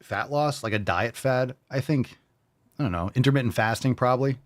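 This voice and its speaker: A man's voice: mid-range voice, moderate pace. A man hosting a fitness show in casual livestream chat, brash and joking, swearing freely.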